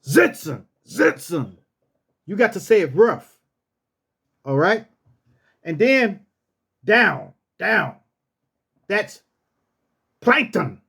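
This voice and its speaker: A man tells a casual story, his voice high and swinging widely in pitch. He talks slowly and loosely, then barks each command roughly like a drill sergeant. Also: lively intonation, sharp tone. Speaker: storyteller host.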